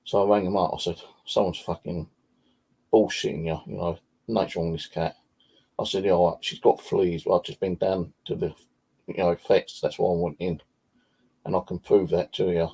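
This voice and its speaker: A man's voice: deep voice, fairly even intonation, normal speed, gravelly, mellow, breathy edge. A man telling rambling, profane stories about his cat in a casual vlog chat. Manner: swears freely, rambling anecdotes. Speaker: vlogger. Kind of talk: casual storytelling.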